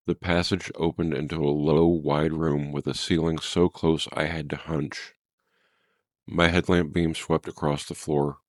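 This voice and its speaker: A man's voice: a bass voice, no echo, studio quality. A man reading a first-person horror story in a grave, tense, dramatic way.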